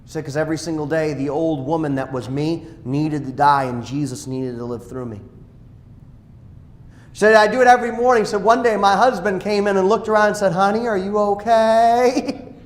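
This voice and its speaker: A male pastor preaching a sermon, dropping to quiet asides and rising to loud exclamations. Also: fairly high pitch, steady tone, moderate pace. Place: church sanctuary. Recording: echoey church hall.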